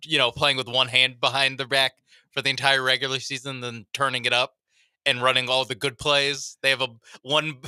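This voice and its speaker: Radio co-host dude, super bright smooth voice, dry close mic, chill and chatty. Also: male voice, mid-range voice, no room sound. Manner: easygoing, laughs along, talks through points with restarts. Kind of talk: casual sports talk radio.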